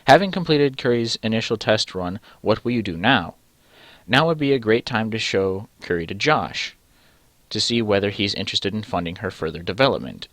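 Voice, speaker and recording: A young man with a low voice reads a text adventure game aloud, stopping mid-line to weigh each choice with rambling, self-interrupting commentary. He swears casually. The sound is dry and close, as from a desk mic. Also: a bit bright, no echo. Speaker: let's-play host.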